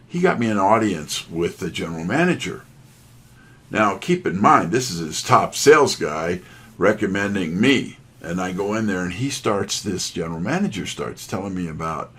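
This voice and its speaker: A middle-aged man speaks in a deep, husky voice. He tells folksy, self-deprecating stories from his years as a sales trainer. His delivery is casual and conversational, with plenty of asides. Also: a bit bright. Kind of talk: storytelling talk.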